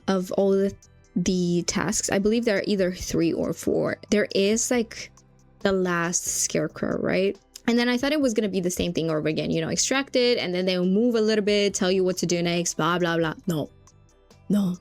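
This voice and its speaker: A young woman vlogging about a horror game in casual chat, animated, swearing often and saying "like" a lot. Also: medium pitch, normal speed, soft background music. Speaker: gaming vlogger.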